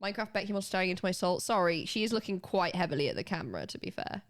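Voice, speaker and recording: A young British woman streaming and chatting casually with her chat, animated and quick to laugh, with casual swearing. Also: on the low side. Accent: British English. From United Kingdom. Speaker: livestreamer.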